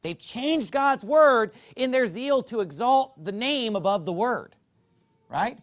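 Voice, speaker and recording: A man's voice: very high voice, lively intonation, slow pace. A man preaching a sermon as pastor, emphatic and fond of rhetorical questions.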